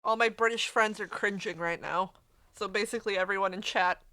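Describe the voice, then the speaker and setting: A woman's voice: medium pitch, fairly even intonation, a little fast, bright, forceful tone. A woman streaming a game, chatting casually with her viewers and swearing freely. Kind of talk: casual live-stream chat.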